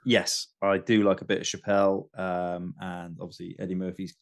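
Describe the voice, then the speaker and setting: A man's voice: sits low, level tone, moderate pace, vocal fry. A man co-hosting a casual whisky podcast, easygoing, with short wry replies and dry jokes. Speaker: podcast co-host.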